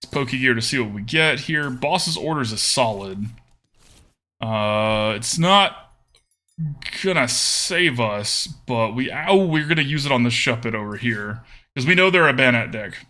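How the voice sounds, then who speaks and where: A man's voice: medium pitch, expressive, measured pace, pushed and bright. A man streaming a card game, thinking aloud about his plays and chatting casually with viewers.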